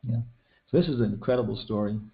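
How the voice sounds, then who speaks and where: A man's voice: on the low side, quick pace. An older man giving a casual scripture class, retelling an epic story and film scenes in a rambling way, full of restarts and fillers. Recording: dull lo-fi recording.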